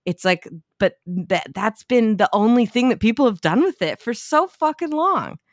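With a fairly high, expressive voice at a moderate pace, a young woman co-hosts a podcast, keeping the chat casual, laughing often and swearing freely. The recording is dry and studio quality.

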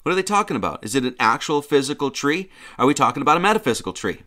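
A man's voice: on the high side, sing-song, very fast, bright, forceful tone. A man hosting a livestream, giving a casual lecture in a mocking, slangy way. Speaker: livestream host.

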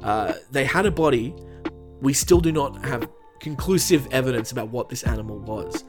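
A man's voice: mid-range voice, normal speed, music in the background. Joking young man hosting a podcast. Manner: joking and self-deprecating, animated asides. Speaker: podcast host. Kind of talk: comedic true crime podcast narration.

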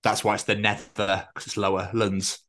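A man co-hosting a podcast in casual chat. He swears freely and tells stories in an animated way. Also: lowish voice, normal speed. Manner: chatty, sweary, animated storytelling. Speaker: podcast co-host.

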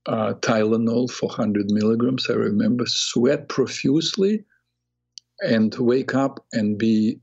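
An older man, a psychotherapist hosting a talk show, telling a personal story in an earnest, reflective way with halting restarts. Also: lowish voice, a little mellow, husky. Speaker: radio show host and psychotherapist. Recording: dull lo-fi radio audio.

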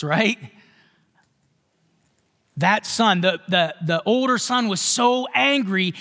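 A man's voice: high voice, lively intonation, takes it slowly, bright, forceful tone, in a large hall. A male pastor giving a sermon in a conversational way, often checking with the congregation. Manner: conversational, asks the congregation questions.

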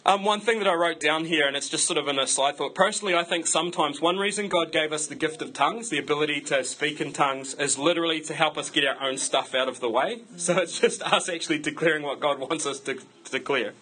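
A man's voice: fairly high pitch, quick pace, hardly any pauses, pushed and bright, husky, rough recording. A man preaching a sermon to his church in a conversational way, breaking it up with self-deprecating jokes. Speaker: pastor.

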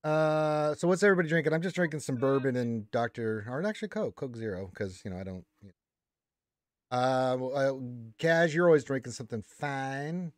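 A man hosts a loose podcast hangout, rambling along and ribbing his guests. His voice sits at a middling pitch and sounds dry and close, with no room around it. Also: expressive, normal speed, dry recording. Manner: joking, rambling, teasing the guests. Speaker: podcast host. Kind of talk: casual chat.

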